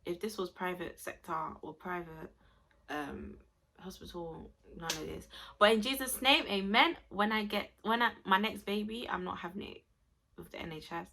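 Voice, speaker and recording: A woman's voice: lowish voice, steady tone, normal speed, creaky, a bit bright, slight background noise. A young woman, chatting expressively to camera as she tells a personal story to her viewers. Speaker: vlogger.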